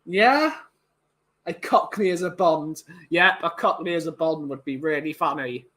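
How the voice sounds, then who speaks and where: Guy, young, high bright voice, loose opinionated chat to his viewers. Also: measured pace. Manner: rambling, opinionated, many restarts. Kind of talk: casual chat.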